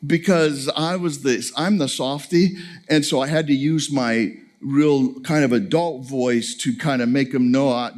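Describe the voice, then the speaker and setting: A man's voice: medium pitch, unhurried, darkish tone. A middle-aged man speaking as a family camp speaker, telling a story to an audience, laughing and acting out dialogue.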